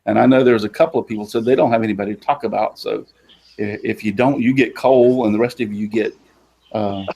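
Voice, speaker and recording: A man's voice: lowish voice, steady tone, fairly quick, vocal fry, darkish tone, husky. A man from Florida with a Southern drawl, hosting a casual panel chat in a folksy, chatty way. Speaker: host.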